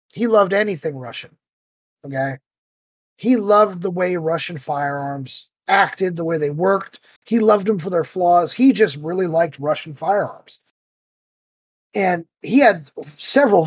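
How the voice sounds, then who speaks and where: A man hosting a podcast, telling stories in a casual, animated way and acting out the voices he quotes. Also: high-pitched, breathy edge, no room sound. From United States. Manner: animated storyteller who acts out quoted voices. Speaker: podcast host.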